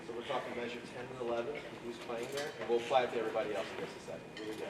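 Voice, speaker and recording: A man coaching a school jazz band, explaining breathing and swing eighth notes and singing the rhythms aloud. He is picked up from well away from the mic in an echoey room. Steady background noise sits under his voice. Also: medium pitch, racing, recorded from a distance. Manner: sings swing syllables and counts off the band. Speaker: jazz clinician.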